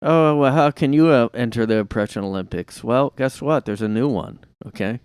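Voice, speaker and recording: Smooth low-voiced sarcastic man. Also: no echo. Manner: sarcastic, rambling. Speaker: podcast host. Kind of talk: casual solo podcast monologue. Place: his own room.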